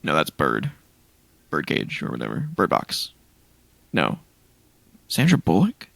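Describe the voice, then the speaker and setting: Podcast co-host, male, low gravelly voice, animated and rambling, dry recording. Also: unhurried, dry recording. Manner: rambling, listing game releases with restarts. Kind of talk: casual chat.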